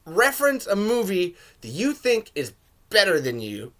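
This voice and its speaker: A man hosting a podcast, giving a rambling, casual film commentary with swearing and sudden shouted jokes. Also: sits high, wildly swooping pitch, moderate pace. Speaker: podcast host reviewing a film.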